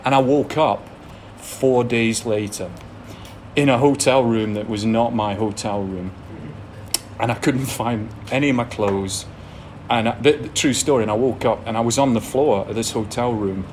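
A man with an English accent shares a frank, self-deprecating recovery story with an audience, laughing now and then between blunt details. His medium-pitched voice is a little mellow and moves at a normal pace, with slight background noise.

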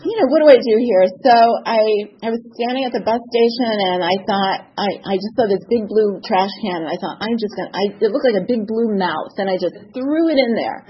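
A woman's voice: medium pitch, brisk, hardly any pauses, muffled recording, a little hiss or hum. A woman in her fifties telling a personal story with lots of laughter, acting out the voices in her quotes. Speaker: speaker sharing a recovery story.

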